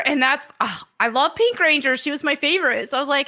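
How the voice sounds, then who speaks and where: A woman's voice: high-pitched, fairly quick, few pauses, pushed and bright. A woman hosting a live stream, chatting casually and laughing often.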